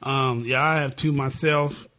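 A man's voice: medium pitch, unhurried. A man talks easily in an everyday podcast chat. His voice sits in the middle of the range, and he often acts out his own reactions as he goes. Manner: relaxed, conversational, drops into quoted reactions. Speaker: podcast co-host. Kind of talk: casual chat.

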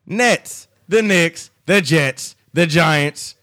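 A man's voice: on the high side, drawn-out words, bright, forceful tone. A man co-hosting a casual sports chat, ranting in an exasperated way. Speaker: sports podcast co-host.

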